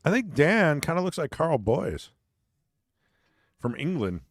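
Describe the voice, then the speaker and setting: A man commentating a pool match in a relaxed, chatty way. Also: on the high side, a little slow, dry recording, studio quality. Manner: easygoing, chatty. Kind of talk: live sports commentary.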